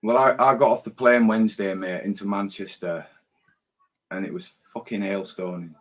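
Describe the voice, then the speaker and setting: A man's voice: on the low side, fairly even intonation, normal speed, rough recording. A man co-hosting a casual fan podcast, blunt, swearing freely and repeating his words. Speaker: co-host.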